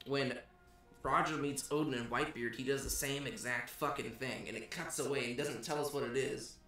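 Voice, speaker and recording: An excitable man talks through a manga chapter on a podcast. He swears casually and acts out the characters' lines. The room around him is echoey. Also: mid-range voice, fairly quick, faint music behind. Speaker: podcast co-host.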